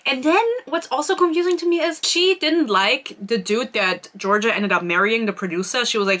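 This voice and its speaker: A woman's voice: on the high side, expressive, moderate pace, hardly any pauses, sharp tone. A young woman giving a rambling, sarcastic book review in a casual vlog, swearing freely.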